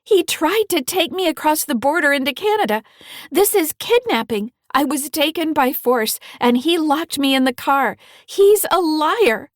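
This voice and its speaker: A woman voicing a frightened, defiant teenage girl who pleads in a high, loud voice. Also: lively intonation, normal speed, dry recording, clean studio sound. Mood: pleading.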